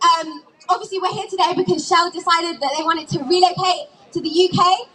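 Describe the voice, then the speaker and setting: A woman with a very high, bright voice leads chants at an outdoor street protest, shouting call-and-response lines to rally the crowd. She is heard from a distance, with a faint crowd around her. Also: steady tone, fairly quick. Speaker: rally host. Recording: distant mic with crowd noise.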